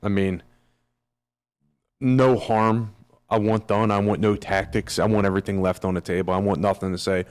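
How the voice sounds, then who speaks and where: A man's voice: lowish voice, level tone, moderate pace, darkish tone, clear, resonant tone. A man co-hosting a soccer talk show, talking bluntly with short emphatic retorts. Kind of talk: casual sports chat. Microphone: headphones in a studio.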